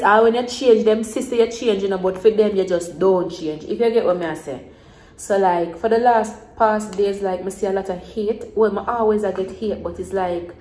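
A young Jamaican woman talks to her camera in a loose, rambling vlog style and circles back over the same points. Her voice sits at a middle pitch and rings in a roomy space. A faint ambient hum runs underneath. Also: a little mellow. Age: 20s. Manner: rambling and repetitive, in Jamaican Creole phrasing. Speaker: vlogger. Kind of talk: casual mukbang chat to camera.

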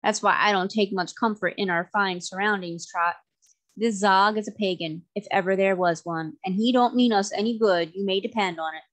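A woman reads a gruff old sailor, bald and one-legged, who talks in plain folksy seaman's grammar and frets about strange things. The voice sits at a middle pitch for a woman, not much lowered, in a plain storybook reading. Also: steady tone, normal speed, natural voice. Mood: grim.

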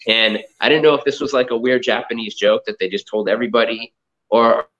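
Dull, lo-fi video-call audio carries a casual interview with a man from the Boston area, a comic art collector and entrepreneur. His mid-range voice is a bit bright and a little fast, and his stories ramble, packed with fillers and restarts.

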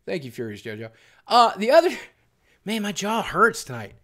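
A male streamer chatting casually with his viewers, rambling and thanking them as he goes. His voice sits notably high for a man. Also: sing-song, moderate pace, pushed and bright. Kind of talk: casual live-stream chat.

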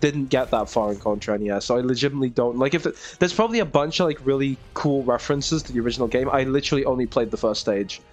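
An Australian gaming YouTuber, a young man, gives casual, self-mocking let's-play commentary while playing a video game, laughing often. His mid-range voice moves fast with hardly any pauses.

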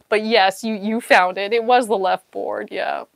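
A woman's voice: medium pitch, fairly even intonation, unhurried, vocal fry, dry recording. A woman hosting a casual live-stream puzzle chat, talking to herself as she searches and laughing often. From New Zealand. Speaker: puzzle channel host.

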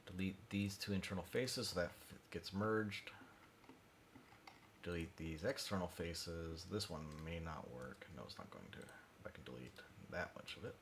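Male streamer, very low voice, muttering narration at the desk, faint room noise behind. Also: measured pace. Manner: mumbly, drifts quiet when concentrating. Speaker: livestreaming maker doing CAD design. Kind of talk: thinking-aloud livestream narration.

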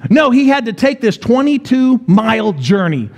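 A man's voice: extremely high pitch, very animated, normal speed. A man in his forties preaching a sermon as pastor, telling a story with rhetorical questions and repetition. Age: 40s. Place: church.

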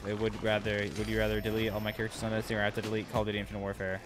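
A man streaming a video game, reacting excitedly to the action and chatting casually with his viewers. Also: on the low side, very fast. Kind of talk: casual livestream commentary.

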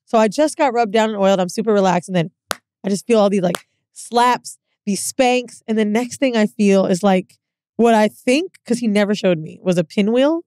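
A woman's voice: medium pitch, moderate pace, smooth, dry recording. A young woman co-hosting a podcast, telling a candid story in casual chat and acting out what people said. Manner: candid, animated storyteller who acts out quotes. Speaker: podcast co-host.

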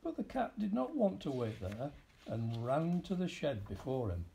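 Gravelly man reading a children's story. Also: fairly high pitch, moderate pace, slight background noise. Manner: expressive, animated storytelling. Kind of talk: children's story read aloud.

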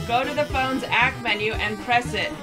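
A woman's voice: on the high side, normal speed, music in the background, lightly acted. A woman voicing an eager, nerdy female lizard scientist, reading game dialogue aloud.

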